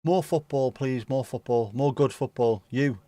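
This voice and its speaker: A man with a medium-pitched, mellow voice and a measured pace comments on a football match during a home live stream, with no room sound in the recording. As watchalong host, he's relaxed and chatty and curses casually.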